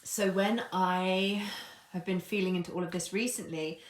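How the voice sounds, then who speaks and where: A woman coach hosts a casual live stream, playful and irreverent, laughing at herself and swearing freely. Her somewhat low voice has fairly even intonation and a moderate pace, with a little hiss or hum and a noticeable echo from the room.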